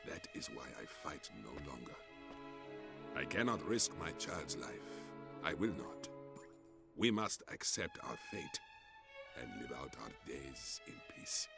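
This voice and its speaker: A grieving game father, gravelly voice, very deep, slow and sombre, over loud game music. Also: wildly swooping pitch, heavily acted. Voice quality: gravelly, heavy sighs. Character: grieving, weary desert father.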